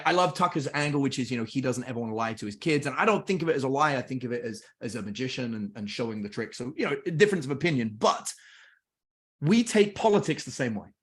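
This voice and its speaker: Middle-aged English man, podcast guest, chatty storyteller who acts out dialogue, mid-range pitch. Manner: lively anecdotes, acts out family dialogue. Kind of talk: casual storytelling.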